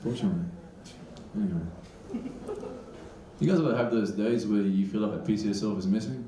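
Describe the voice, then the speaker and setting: A man's voice: on the low side, fairly quick, a little hiss or hum. A man from Iraq doing a brash, crude stand-up set on a comedy club stage. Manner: brash, crude, animated delivery. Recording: echoey room, distant mic.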